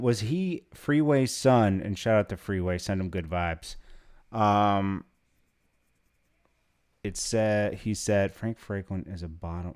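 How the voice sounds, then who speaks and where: A man's voice: on the low side, darkish tone. A tired young man hosting a casual live stream, chatting loosely with viewers and reading out their comments in a laid-back, mumbling way. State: tired, yawning. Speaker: livestream host.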